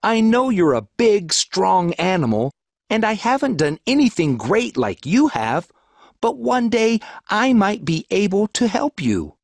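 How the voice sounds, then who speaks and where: A man voicing a tiny, frightened male mouse who pleads in a high squeaky voice in a children's fable recording. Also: sing-song, unhurried, dry recording, studio quality, heavily acted. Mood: apologetic. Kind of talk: storybook audio narration.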